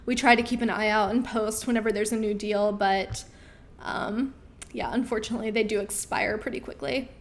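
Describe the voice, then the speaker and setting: A young woman hosting a casual live-stream Q&A, reading viewer questions aloud and answering in a friendly way with frequent ums, her voice getting worn as she keeps clearing her throat. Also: medium pitch, steady tone, moderate pace, a little hiss or hum.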